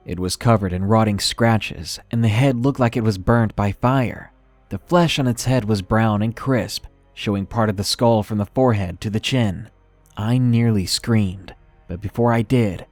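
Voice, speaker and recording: A man reading a first-person horror story aloud in a slow, measured, ominous way. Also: lowish voice, a little mellow, dry recording. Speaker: narrator. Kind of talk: scripted horror story narration. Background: faint background music.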